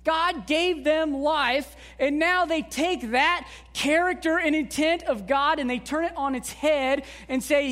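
A woman's voice: high-pitched, measured pace, hardly any pauses, a bit bright. A woman pastor giving a sermon in a conversational way, with frequent rhetorical asides to the congregation.

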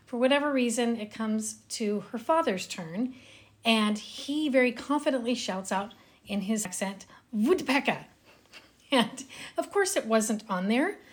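Woman, podcast host, mid-pitched voice, relaxed reflective chat, soft trailing endings. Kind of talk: casual storytelling chat.

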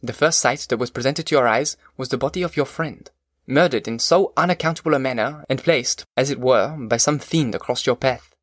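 A man voicing a kindly but stern middle-aged magistrate in an audiobook, formal and measured. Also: mid-range voice, a bit bright, no room sound, clean studio sound, close to an everyday voice. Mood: consoling. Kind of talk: audiobook character voice.

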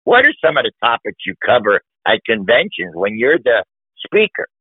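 A man's voice: mid-range voice, sing-song, moderate pace, slightly rough, no room sound. Effusive man host on a dry phone line. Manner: effusive, praising, emphatic. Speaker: podcast host. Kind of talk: conversational interview. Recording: dry, phone-like narrow band.

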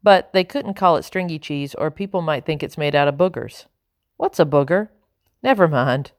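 A woman's voice: low-pitched, animated, moderate pace, no echo, studio quality. A woman voicing a kind, friendly young girl who jokes easily.

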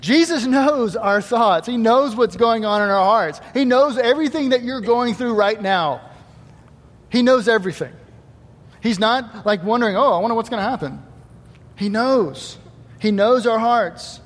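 A man with a high voice preaches in a church, animated, acting out the voices in his stories. His words ring with a long reverb through the big hall. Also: unhurried. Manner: animated, acts out quoted voices, swings between loud emphasis and quiet asides. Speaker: pastor. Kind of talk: Easter sermon.

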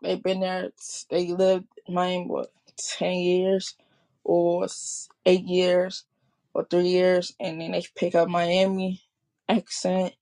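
Chicago accent, gravelly voice, rambling casual monologue, lots of restarts. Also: medium pitch, monotone, takes it slowly, a little mellow. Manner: rambling, repeats and restarts often. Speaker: vlogger.

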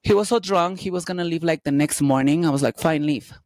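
A woman telling candid personal stories as an interview guest, lively and quick to act out the dialogue. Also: lowish voice, no echo. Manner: animated, acts out dialogue in quotes.

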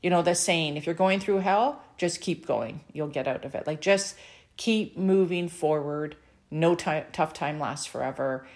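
A middle-aged woman from Canada telling a personal story with deep emotion, earnest and encouraging, her mouth dry. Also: a little slow, a little mellow. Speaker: author and speaker sharing a personal story.

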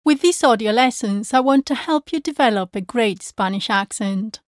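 A woman Spanish teacher drilling pronunciation, speaking slowly and enunciating each word with care. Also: on the high side, animated, no echo, studio quality. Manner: slow, carefully enunciated drilling. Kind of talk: pronunciation lesson.

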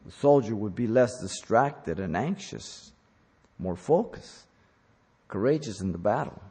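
A man preaching a sermon as a pastor, deliberate and emphatic, pressing hard on key words. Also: lowish voice, animated, mellow, breathy edge. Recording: long hall reverb.

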